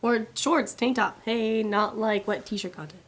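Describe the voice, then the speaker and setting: A woman with a slightly raspy voice, chatting in a bubbly, giggly, rambling way as a guest on a chat show. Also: on the high side, unhurried. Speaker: co-host guest. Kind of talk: casual chat show banter.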